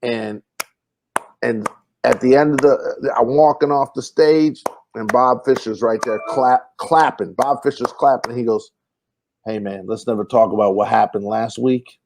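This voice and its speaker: A man's voice: mid-range voice, unhurried, noisy background. A man telling comedy road stories in casual podcast chat, acting out the people he quotes. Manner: animated storyteller, acts out quotes, many fillers and restarts.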